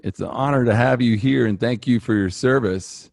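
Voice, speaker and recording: A man from Massachusetts hosting a podcast, introducing his guest and asking questions in a measured way. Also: mid-range voice, vocal fry, a little mellow, no room sound. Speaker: podcast host. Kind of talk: interview introduction.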